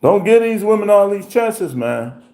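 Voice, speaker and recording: A man hosting a livestream, telling stories in a profane, animated rant with voiced impressions. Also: high-pitched, unhurried. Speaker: livestream host. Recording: roomy echo.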